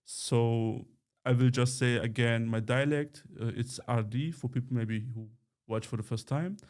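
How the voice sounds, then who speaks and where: A man whose first language is Romani, co-hosting a podcast in casual chat, pausing often with fillers and restarts. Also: mid-range voice, fairly even intonation, a little mellow. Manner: hesitant, many fillers and restarts. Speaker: podcast co-host, journalist.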